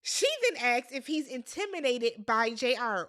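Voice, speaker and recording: Woman, high pitch, animated reality TV recap, talks back at the screen. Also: a little slow. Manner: animated, exasperated, talks straight to the people on screen. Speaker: recap host.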